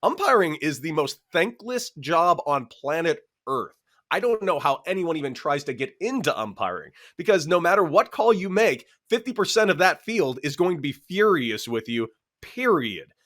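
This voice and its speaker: A man in his thirties, a former pro ballplayer on a sports talk show, telling stories with lively, animated delivery. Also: fairly high pitch, moderate pace. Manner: lively, animated storyteller, acts out both sides of arguments. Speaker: former pro baseball catcher, show panelist. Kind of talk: casual sports talk storytelling.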